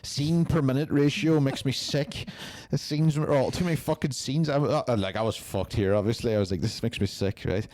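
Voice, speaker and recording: A man's voice: medium pitch, moderate pace, hardly any pauses, a little mellow. Blunt, sweary man. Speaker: podcast co-host. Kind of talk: casual film review chat.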